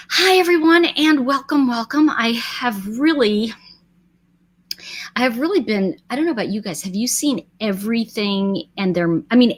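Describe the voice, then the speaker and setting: A middle-aged woman hosting a casual livestream, chatting and greeting viewers by name, often trailing off and restarting. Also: medium pitch. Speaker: livestream host.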